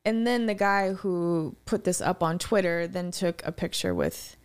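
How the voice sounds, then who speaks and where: A woman co-hosting a podcast, telling animated, rambling anecdotes in casual chat. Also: on the low side, unhurried, smooth. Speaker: podcast co-host.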